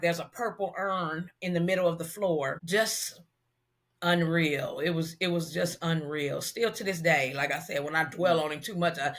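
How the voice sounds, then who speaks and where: Bright-voiced woman recounting a story. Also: lowish voice. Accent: Southern California African American Vernacular. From Los Angeles, USA. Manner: animated storyteller who acts out quoted dialogue. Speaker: guest, celebrity hairstylist. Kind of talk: emotional storytelling in an interview.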